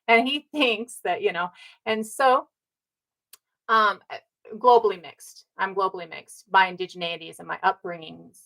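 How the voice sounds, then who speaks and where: A woman's voice: mid-range voice, a little slow, gravelly, sharp tone, rough recording. A woman from North America giving an emphatic, casual talk, who repeats her points and keeps checking in with "right?". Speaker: speaker on ancestry and community.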